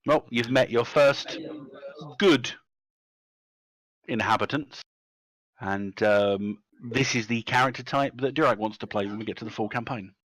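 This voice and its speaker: A man running a tabletop game as game master, narrating and chatting in an animated way on a live stream. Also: medium pitch, a little slow, pauses often, dry recording. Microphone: close mic, live stream.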